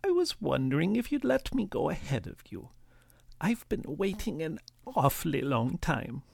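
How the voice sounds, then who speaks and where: A man's voice: on the high side, sing-song, normal speed, vocal fry, husky, no echo, clean studio sound, pitched above the performer's own voice, exaggerated voice. A man voicing a very old, tiny woman who politely asks a favour.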